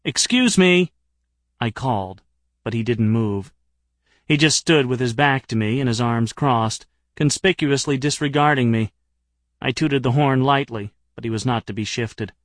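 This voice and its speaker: A man's voice: mid-range voice, normal speed, dry recording. A man narrating an audiobook in a wry, dry-humored manner.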